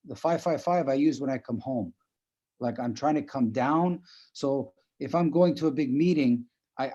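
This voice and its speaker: Dark-voiced man teaching breathing online. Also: medium pitch, lo-fi sound. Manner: conversational, repeats "right?" often, chuckles while explaining. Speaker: breathing instructor. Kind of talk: live online class. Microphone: video call.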